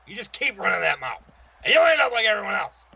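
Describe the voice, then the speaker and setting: A man voicing a threatening veteran pro wrestler in a trash-talk promo, growling and shouting his threats. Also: high voice, big pitch swings, quick pace, creaky, husky, dry recording, highs cut off, voice pushed up, full character voice. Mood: menacing.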